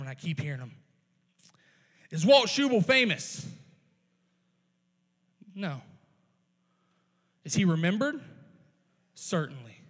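A man, a youth pastor, preaching a sermon in a conversational way, with playful asides and quick restarts. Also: very high-pitched, fairly bright tone. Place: church sanctuary. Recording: long reverb of a large hall.

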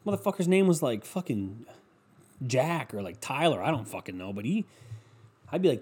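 A man's voice: fairly high pitch, sing-song, a little fast, husky. A young man hosting a casual solo podcast, rambling on and swearing constantly, with lots of "like" fillers. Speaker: podcast host.

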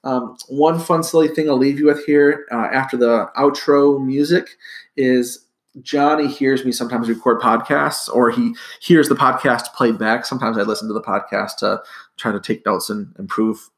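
A man's voice: medium pitch, steady tone, moderate pace. A middle-aged man hosting a casual school podcast, rambling with lots of fillers. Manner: rambling, filler-heavy, friendly. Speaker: school principal and podcast host.

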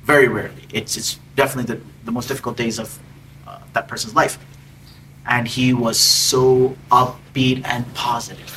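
Bright-voiced man preaching through stories. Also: medium pitch, flat delivery, normal speed, far from the mic, a little hiss or hum, low-quality recording. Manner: conversational, drops to soft, hushed tones. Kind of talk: storytelling sermon.

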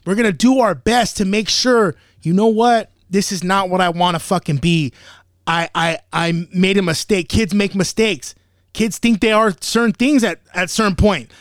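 A man's voice: sits high, moderate pace, no room sound, clean studio sound. A man co-hosting a casual podcast, talking bluntly and heatedly with heavy swearing. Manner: blunt, heavily profane, heated. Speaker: podcast co-host.

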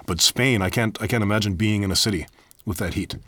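An American man co-hosting a podcast, telling ironic jokes with a deadpan delivery in a studio. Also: fairly low pitch, fast, no room sound. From United States. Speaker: podcast co-host. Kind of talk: joking casual chat. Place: recording studio.

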